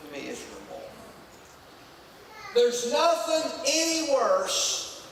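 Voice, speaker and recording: Male pastor, folksy, punchy, booming sanctuary echo, faint room hiss. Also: huge pitch swings, takes it slowly. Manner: folksy, emphatic preaching with rising shouts. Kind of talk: sermon. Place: church sanctuary. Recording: echoey church hall from far off.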